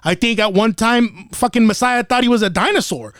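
A man's voice: high voice, brisk, fairly bright tone, dry recording, clean studio sound. A man co-hosting a casual podcast, talking bluntly and heatedly with heavy swearing. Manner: blunt, heavily profane, heated. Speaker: podcast co-host.

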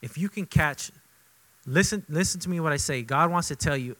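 A man preaching a sermon as pastor, conversational and repetitive for emphasis, moving between loud emphatic bursts and quiet intimate asides. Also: on the high side, normal speed, low-quality recording. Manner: conversational, repeats himself for emphasis.

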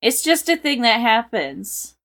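A woman in casual comedic podcast chat, trading deadpan quips and laughing easily. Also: a little high, unhurried.

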